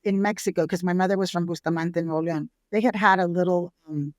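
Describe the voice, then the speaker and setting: A middle-aged woman from San Antonio, Texas, a restaurateur telling her family's history in a relaxed interview, lively and acting out the people she quotes. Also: fairly low pitch, fast, no room sound. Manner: lively storyteller who acts out family quotes. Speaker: restaurateur guest. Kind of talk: casual storytelling interview.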